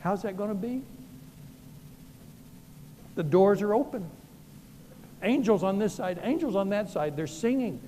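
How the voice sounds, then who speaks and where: A man's voice: high-pitched, lively intonation, unhurried, long pauses, dark tone, in a large hall, slight background noise. A middle-aged man with a Southern US accent, preaching a sermon as a pastor, telling folksy, self-deprecating stories.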